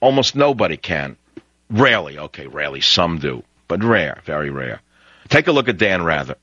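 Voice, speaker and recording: Ranting deep-voiced New York radio man. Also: very animated, moderate pace, sharp tone, husky, dry recording. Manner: ranting, sarcastic, pitch jumps high for emphasis. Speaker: talk radio host. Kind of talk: opinionated radio monologue. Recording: dry, dull lo-fi radio audio.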